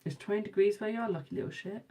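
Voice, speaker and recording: A woman's voice: medium pitch, rapid-fire, background noise. A young English woman hosting a live tarot stream, chatting casually and teasing her viewers as she reads their comments. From England.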